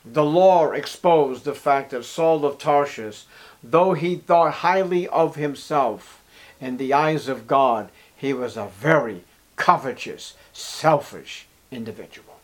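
A man preaching a sermon as pastor, reading scripture aloud and swinging between loud emphasis and hushed asides. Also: medium pitch, slow.

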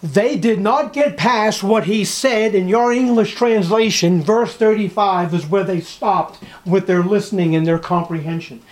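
A male preacher delivers a sermon in a fairly high voice. He is emphatic and repetitive, leaning on rhetorical questions to drive points home. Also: a little slow, hardly any pauses.

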